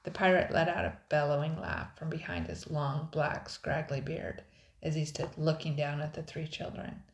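A woman narrating a children's adventure storybook in a steady, dramatic read-aloud. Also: low voice, normal speed. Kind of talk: storybook reading. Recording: roomy echo.

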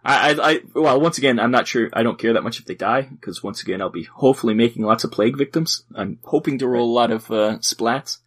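A man's voice: mid-range voice, fast talker, few pauses, breathy edge. A man co-hosting a podcast, chatting casually about his tabletop wargame army, rambling with fillers and restarts. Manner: rambling, many fillers and restarts, laughs often. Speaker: podcast co-host.

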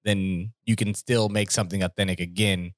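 A man's voice: sits low, fairly even intonation, normal speed, dry recording, clean studio sound. A man co-hosting a casual podcast chat, rambling through his points with jokes and frequent laughs. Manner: rambling, jokey, laughs often.

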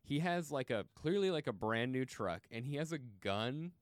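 Guy on a podcast, smooth resonant voice, animated and laughing a lot, dry mic. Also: medium pitch, normal speed, dry recording. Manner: animated, laughs often, quotes his own reactions. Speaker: podcast co-host. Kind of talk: casual chat.

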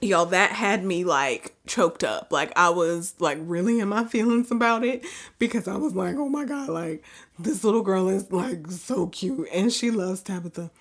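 A young woman hosting a casual chat, telling animated stories full of fillers. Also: mid-range voice, normal speed. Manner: chatty, animated storytelling with many fillers. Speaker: podcast host.

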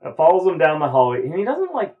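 A man's voice: fairly high pitch, huge pitch swings, fast. Joking man on a muffled podcast mic. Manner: dry joking asides, acts out dialogue. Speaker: podcast co-host. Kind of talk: casual chat recapping a TV episode.

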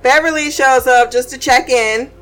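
A woman recapping a TV episode in a casual, animated way, often laughing and acting out the characters. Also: high-pitched, normal speed, faint music behind. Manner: animated, laughing, acts out quotes. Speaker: show recap host.

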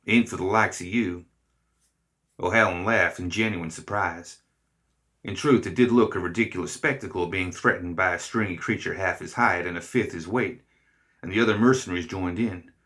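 Male reader for scripted fiction narration: low, bright, measured, expressive.

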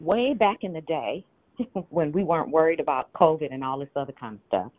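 A woman leading a group call, giving spiritual teaching in a measured, teacherly way with rhetorical questions. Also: low voice, expressive, no echo. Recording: tinny phone line.

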